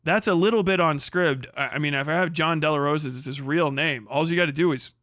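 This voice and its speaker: A man with a high, bright voice rants on his livestream, swearing freely and laughing at the people he mocks. His tone is scornful and quick, and the sound is dry and close to the mic. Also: dry recording. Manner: profane, mocking, laughing often, puts on prissy voices to mock critics. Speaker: livestream host. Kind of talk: casual ranting livestream commentary.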